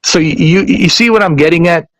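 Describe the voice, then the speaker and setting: A man ranting casually to his viewers, animated and profane, often repeating himself. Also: fairly high pitch, brisk, no room sound, poor audio. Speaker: YouTuber.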